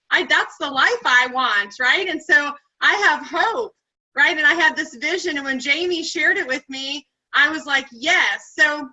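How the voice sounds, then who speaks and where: A woman's voice: high voice, pushed and bright. A woman on a video call, sharing her business success with her team in an upbeat, earnest way. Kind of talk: motivational call talk. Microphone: computer mic on video call. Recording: muffled video call audio.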